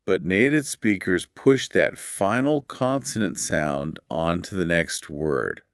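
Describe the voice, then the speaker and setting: A man's voice: low-pitched, animated, slow pace, no room sound, clean studio sound. A man co-hosting a podcast English lesson, explaining patiently with emphatic stress. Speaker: English teacher, podcast co-host. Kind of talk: scripted podcast lesson dialogue.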